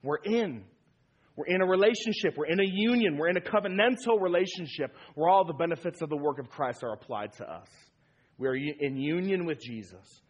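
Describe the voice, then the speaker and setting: A man's voice: a little high, animated, brisk, breathy edge, highs cut off. A man preaching a sermon as pastor, emphatic and repeating key phrases for weight.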